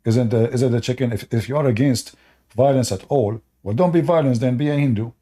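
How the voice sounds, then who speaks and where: Blunt man with a mellow, dark voice. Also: mid-range voice, fairly quick. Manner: blunt, dismissive, repeats words. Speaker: host. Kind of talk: live-stream debate talk.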